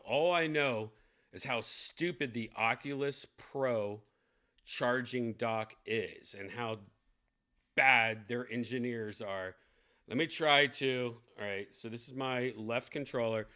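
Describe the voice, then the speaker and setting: A man's voice: medium pitch, slow pace, bright, forceful tone. A young man giving blunt, profane unboxing commentary, ranting with lots of fillers. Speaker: tech vlogger unboxing a VR headset.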